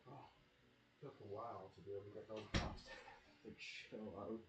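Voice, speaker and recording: Man, low-pitched, easygoing gaming streamer at home; rambles off-topic with fillers and casual swearing. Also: steady tone, normal speed, heavy background noise. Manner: rambling, laid-back, swears freely, lots of fillers. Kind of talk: casual rambling chat while playing. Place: at home with dogs nearby.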